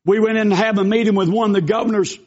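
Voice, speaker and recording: Man, pastor, preaching, high voice, earnest storytelling, emphatic bursts, muffled recording. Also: steady tone, racing, a little mellow. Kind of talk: sermon.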